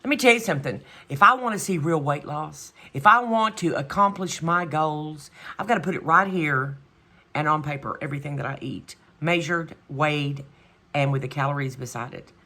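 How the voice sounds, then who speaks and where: A middle-aged woman talks straight to her camera at home in a casual vlog. Her voice sits a little low in pitch but sounds bright and forceful. She rambles and vents in an exasperated way, often trailing off with a shrug of "whatever". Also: normal speed. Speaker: vlogger. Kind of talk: casual chat.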